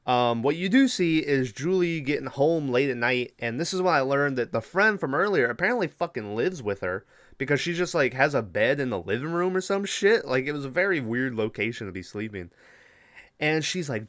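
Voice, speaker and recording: Man, podcast host, casual plot recap, smooth clear voice, dry close sound. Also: mid-range voice, expressive, normal speed, a bit bright, no echo. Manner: rambling and profane, with many fillers.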